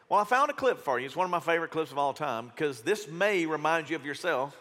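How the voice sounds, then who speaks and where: A man's voice: high-pitched, very animated, brisk, sharp tone. A man in his fifties preaching a sermon in a conversational, direct way, acting out little quotes. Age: 50s. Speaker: pastor. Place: church hall. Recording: echoey church hall.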